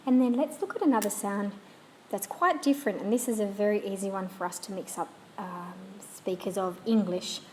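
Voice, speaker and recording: A woman teaching pronunciation at a measured pace, modelling each sound and word with care. Her voice sits at a middling pitch. A faint hiss runs under the recording. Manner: slow, demonstrative, models sounds clearly. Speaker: language teacher. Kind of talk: pronunciation lesson.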